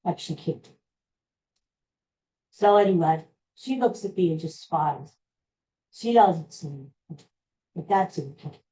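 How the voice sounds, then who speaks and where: A man slowly retelling a personal story in a rambling, halting way, with frequent restarts. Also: a little high, expressive, warm tone, slight background noise, poor audio.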